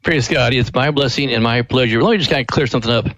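A man's voice: mid-range voice, fast, fairly bright tone, no room sound, poor audio. Folksy older male storyteller on radio. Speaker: ministry president, guest. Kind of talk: storytelling interview.

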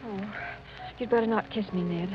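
A woman's voice: medium pitch, fairly even intonation, normal speed, close to an everyday voice. An actress playing an anxious young woman who speaks in a worried, pleading way, in an old radio drama. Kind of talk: 1940s radio acting. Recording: lo-fi old radio with music behind.

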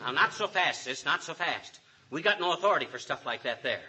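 An actor playing a boastful, excitable middle-aged husband in a 1940s radio comedy, quick to bluster and brag. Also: male voice, fairly high pitch, a little hiss or hum. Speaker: lead comic.

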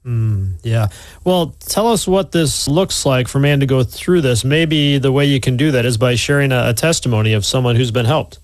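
Calm male radio host. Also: medium pitch, normal speed, no room sound. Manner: calm, brief affirmations. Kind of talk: radio interview hosting. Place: radio studio.

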